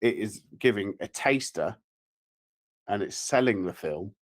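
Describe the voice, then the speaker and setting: Expressive man chatting. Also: lowish voice, unhurried. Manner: hesitant, restarting, expressive. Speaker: podcast co-host. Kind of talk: casual comedic chat.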